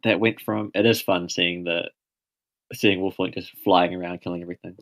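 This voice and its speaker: A man's voice: low voice, fairly even intonation, normal speed, a bit bright, a little hiss or hum. A man casually commentating a live speedrun race, laid-back and often laughing, a bit tired.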